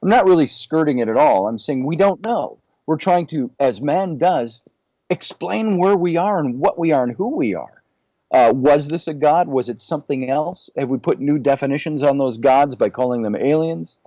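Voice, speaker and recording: A man speaks as a guest on a podcast, musing through big questions one after another in a relaxed, conversational way. His voice has a warm, mellow tone and sounds dry and close, with no room echo. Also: a little high, normal speed. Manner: musing, poses many questions. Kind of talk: casual discussion.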